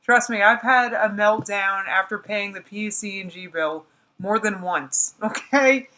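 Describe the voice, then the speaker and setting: A woman with a New Jersey accent hosts a casual reaction stream, reacting to a livestream with blunt, exasperated remarks and frequent laughter. Her voice is medium-pitched, sharp and unhurried, and the audio quality is poor.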